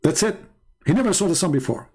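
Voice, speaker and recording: A man's voice: high-pitched, lively intonation, fast talker, darkish tone, husky. A man whose first language is Arabic, arguing heatedly with a caller and then mocking the point in sarcastic commentary. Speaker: debate host.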